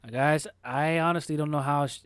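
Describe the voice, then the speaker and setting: A man co-hosts a casual podcast in a measured, questioning way and often clears his throat. His voice sounds dry and close to the mic. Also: fairly high pitch, fairly bright tone, dry recording. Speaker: podcast co-host. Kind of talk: casual chat.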